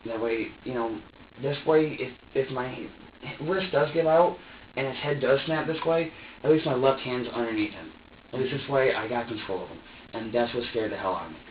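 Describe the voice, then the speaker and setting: A young man with a medium-pitched voice speaks at a moderate pace under police interrogation, rambling, repeating and defending himself. A far-off room microphone makes the interview room audio tinny and echoey, with slight background noise.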